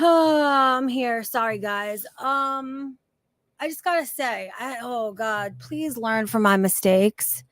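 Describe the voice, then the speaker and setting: A woman chatting casually on a livestream, animated and swearing freely as she rants. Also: fairly high pitch, takes it slowly, dry recording. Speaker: streamer.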